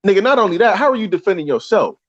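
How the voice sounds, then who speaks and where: A man's voice: high-pitched, big pitch swings, racing, dull audio. A man talking as a guest in a casual conversation, heated and preachy, firing off rhetorical questions.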